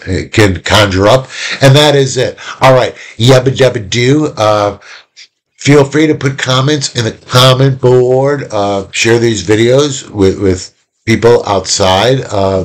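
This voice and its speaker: Male teacher, deeper voice, chatty and animated, a casual video lesson with bits of play-acting. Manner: animated, chatty, acts out little quoted exchanges.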